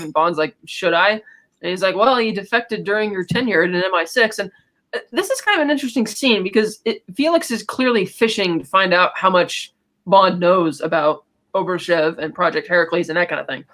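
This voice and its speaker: A man with a notably high voice chats casually on a podcast. He retells movie scenes in a loose, rambling way, full of filler words. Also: bright, forceful tone, low-quality recording. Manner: retells scenes quickly with many "you know" fillers. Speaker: podcast co-host. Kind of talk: casual film recap chat.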